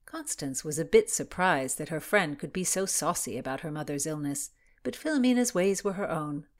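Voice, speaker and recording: A woman reading a historical novel aloud in measured scripted narration, dropping to soft whispery asides at times. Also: low voice, expressive. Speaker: audiobook narrator.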